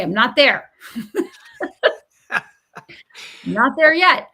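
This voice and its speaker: A middle-aged woman with a somewhat high voice talks as a podcast guest. She tells her stories with animation and is quick to laugh. She coaches the listener with emphatic encouragement. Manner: animated storyteller who acts out quoted voices and laughs often. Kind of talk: conversational podcast interview.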